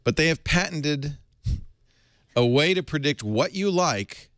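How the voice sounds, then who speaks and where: A man hosting a tech podcast, reading an ad and chatting in an animated, jokey way. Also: a little high, unhurried, dry recording, clean studio sound. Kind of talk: casual panel chat and ad read.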